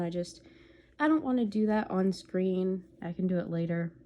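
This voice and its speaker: Here a woman offers loose, chatty gameplay commentary as a let's play host, humming to herself in the gaps between comments. Her medium-pitched voice has a warm tone, though the recording sounds muffled.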